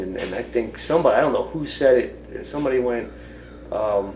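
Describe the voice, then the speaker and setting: A man's voice: mid-range voice, brisk, a little mellow, reverberant, distant mic, a little hiss or hum, rough recording. A man interviewed for a documentary, recalling old shows bluntly and emphatically, with some swearing. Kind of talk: candid recollection.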